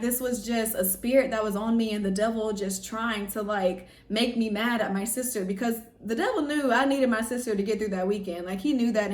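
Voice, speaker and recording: A woman's voice: on the high side, far from the mic. Chatty young woman vlogging, roomy echo. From Louisiana. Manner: chatty, animated, lots of "like" and "y'all". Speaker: pageant vlogger. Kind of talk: casual storytelling vlog. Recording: roomy echo, voice a bit off-mic.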